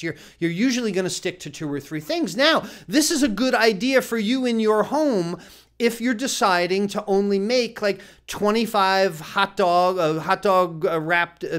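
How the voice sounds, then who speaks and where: A male chef giving a casual cooking lesson, chatty and lively, laughing often and restarting his sentences. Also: sits high.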